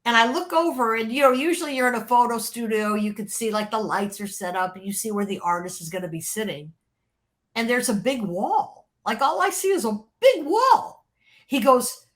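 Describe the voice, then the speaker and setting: An older woman recounts her work as a record label art director in relaxed, chatty storytelling. Her voice sits a little high, and she acts out the people she quotes. She laughs easily as the anecdotes build. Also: normal speed. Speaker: interview guest, former record label creative director. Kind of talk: casual storytelling.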